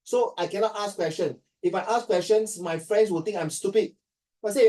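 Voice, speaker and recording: A man's voice: sits high, normal speed, warm tone, distant mic. A man from Singapore with a Singaporean accent, teaching a class in a joking way and mixing English with Chinese.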